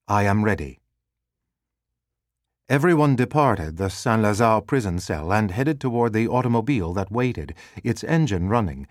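A man reading a scripted narration in a measured, calm storytelling manner. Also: on the low side, no echo, clean studio sound.

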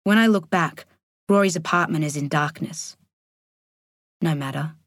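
A woman narrating a thriller audiobook in a measured, deliberate way. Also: sits low, no echo, clean studio sound. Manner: measured, slowing on tense moments.

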